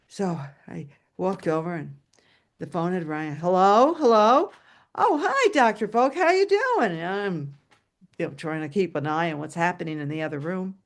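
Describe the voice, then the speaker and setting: A woman storyteller telling a personal tale aloud over a video call, animated and dramatic. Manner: animated and dramatic, shouting at high points. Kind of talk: live oral storytelling.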